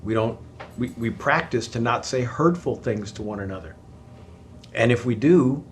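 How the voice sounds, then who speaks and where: A middle-aged man, a pastor, talking in an animated way in a conversational Q&A about marriage and joking about his own loudness. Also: medium pitch, moderate pace, slight background noise.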